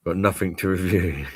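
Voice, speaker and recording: A man's voice: deep voice, husky, no echo, studio quality. A man hosting a casual live-stream chat, laid-back and sweary, laughing often. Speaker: host of a drinks review live stream.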